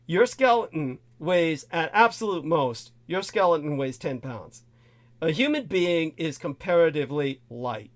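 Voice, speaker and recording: Male host, slightly high pitch, rambling with lots of "uh"s, for a talk show. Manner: rambling, many fillers and restarts, bursts of laughter. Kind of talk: casual film discussion.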